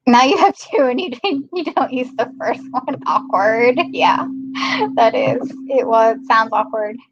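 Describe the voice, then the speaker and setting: A woman's voice: fairly high pitch, unhurried, slightly rough, lo-fi sound. A young American woman from Maryland hosting a casual livestream, chatting and reading viewer comments with frequent laughs. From Maryland, USA. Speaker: livestream host.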